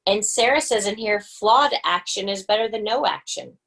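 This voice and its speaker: A woman's voice: mid-range voice, moderate pace, a bit bright. Chatty encouraging woman on a video call. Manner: chatty, encouraging, lots of fillers. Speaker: book study group host. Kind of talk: casual group video chat.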